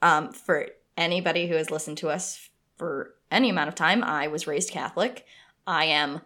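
An American woman co-hosting a podcast talks casually about a book she loves, in a deep voice at a moderate pace. She's chatty and animated, restarting her sentences often.

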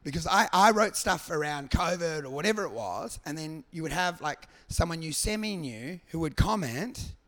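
A man's voice: on the high side, animated, normal speed, hardly any pauses, a bit bright. A man, a comedian riffing in casual podcast chat, rambling and sweary. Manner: rambling, sweary, mock voices for imagined people. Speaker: podcast guest.

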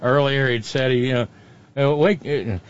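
A man's voice: medium pitch, normal speed. Sarcastic guy doing political comedy, mid voice, kinda muffled audio. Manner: sarcastic, mocking. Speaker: comedy show host. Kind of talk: satirical political commentary.

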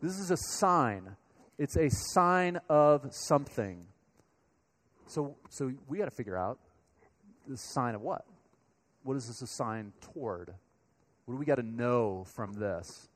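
A pastor from Colorado giving a sermon, speaking to the congregation in a conversational, storytelling way. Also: male voice, medium pitch, lively intonation, unhurried, pauses often, a bit bright. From Colorado, USA.

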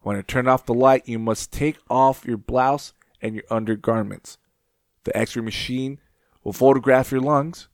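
Man reading as older male doctor, formal, nervous underneath, measured delivery, dry close sound. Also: medium pitch, fairly even intonation, no room sound, close to an everyday voice. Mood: formal, reassuring. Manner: reading journal excerpts aloud, measured.

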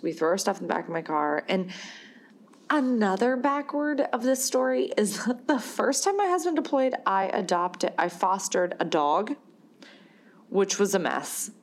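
A woman casually telling a personal story in a chatty, animated way, full of fillers and bursts of laughter. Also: medium pitch, normal speed, slight background noise.

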